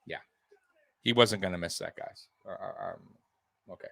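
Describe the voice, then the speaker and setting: A young man hosting a live sports stream, talking straight to his viewers in an animated, repetitive way with plenty of swearing. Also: on the low side, measured pace, creaky, pauses often, no echo. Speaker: sports livestream host. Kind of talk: live postgame commentary to viewers.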